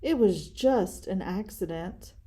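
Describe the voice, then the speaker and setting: A woman voicing a calm, soothing mother bear in a storybook reading. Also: medium pitch, takes it slowly, breathy edge.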